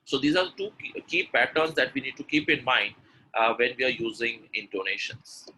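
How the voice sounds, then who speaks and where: A man's voice: mid-range voice, normal speed, bright, forceful tone, a little hiss or hum, poor audio. A man teaching pronunciation in an online webinar, explaining patiently and acting out example sentences. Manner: explanatory, repeats example sentences with exaggerated intonation. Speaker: English pronunciation coach.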